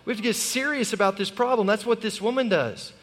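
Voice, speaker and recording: A man in his thirties, a pastor preaching a sermon in a church, impassioned and rising to shouts when he exhorts. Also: sits high, fast. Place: church sanctuary. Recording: long hall reverb.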